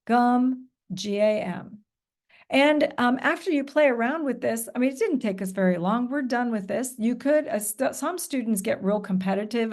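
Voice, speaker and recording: A woman's voice: a little high, creaky, darkish tone. A woman presenting a professional development session, modeling patient call-and-response teaching with encouraging praise. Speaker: teacher trainer. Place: recorded presentation.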